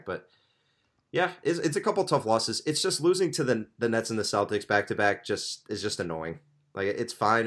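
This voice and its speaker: A young man co-hosting a podcast, giving his opinions in a relaxed way in casual sports talk. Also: lowish voice, normal speed. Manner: conversational, opinionated. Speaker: podcast co-host.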